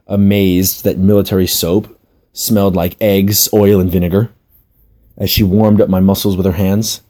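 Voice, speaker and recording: A man's voice: lowish voice, mellow. A man narrating a comic personal story in a wry, self-mocking way.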